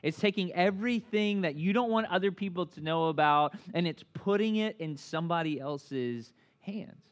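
A man in his thirties gives a sermon in a chatty, joking way, with a slightly high voice. He keeps checking in with the listeners and pokes fun at himself as he goes. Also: normal speed, few pauses. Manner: conversational, filler-heavy, asks the crowd often; self-deprecating humor. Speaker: pastor.

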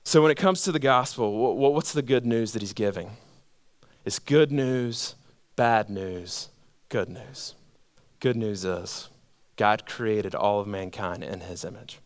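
A middle-aged man preaching to his congregation in casual story form, with rhetorical questions, swinging between loud emphatic peaks and quiet low passages. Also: measured pace, no room sound. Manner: conversational storytelling, asks audience rhetorical questions. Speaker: pastor. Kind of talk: sermon. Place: church hall with a congregation.

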